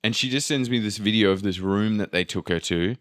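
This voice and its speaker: A podcast host with a lowish voice and brisk delivery tells a travel story in casual chat. He's animated, swears freely, and acts out what people said.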